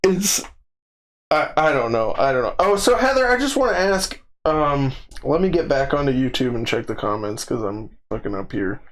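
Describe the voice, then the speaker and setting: A young man co-hosting a podcast in casual chat, an animated storyteller who laughs often and mimics the people he describes. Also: medium pitch, normal speed. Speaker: podcast co-host.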